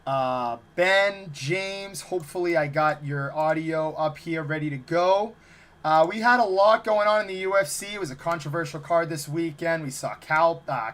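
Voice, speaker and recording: Upbeat higher-voiced man hosting a sports show. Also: fairly bright tone. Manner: upbeat, announcer-like rundown. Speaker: host. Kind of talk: show introduction.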